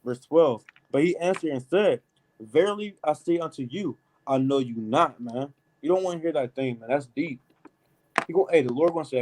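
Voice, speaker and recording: A man leading a casual, animated Bible study, reading verses and adding emphatic asides like "man" and "right?". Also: fairly high pitch, moderate pace, slight background noise, low-quality recording. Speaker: Bible teacher. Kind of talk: street-style Bible study preaching.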